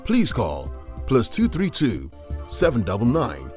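A man reading a scripted church radio announcement in a measured way. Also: mid-range voice, wildly swooping pitch, a little mellow, faint music behind. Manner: measured, reads out details slowly.

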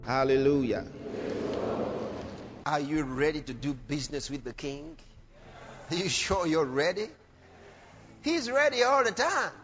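A man preaching a sermon with passion, often shouting lines out and acting out other people's voices. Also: on the high side, lively intonation, a little slow, long pauses. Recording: lo-fi recording with long hall reverb.

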